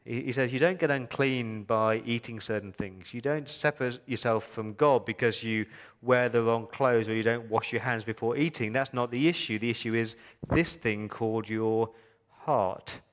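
A pastor delivers a sermon to his congregation in a mid-range voice at normal speed. He asks rhetorical questions and swings between loud emphasis and hushed, quiet lines.

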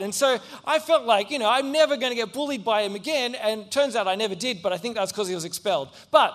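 A young man preaches in a lively storytelling way, acting out the people in his anecdotes. His voice sits high for a man. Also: fast, hardly any pauses. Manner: animated, acts out voices in anecdotes. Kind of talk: storytelling sermon.

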